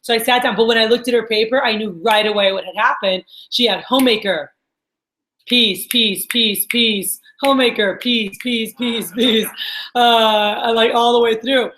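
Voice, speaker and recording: A woman's voice: a little high, fairly even intonation, normal speed, fairly bright tone, slight background noise. Woman, sales trainer, upbeat coaching talk, echoey room. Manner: upbeat, coaching, lots of "all right?" check-ins.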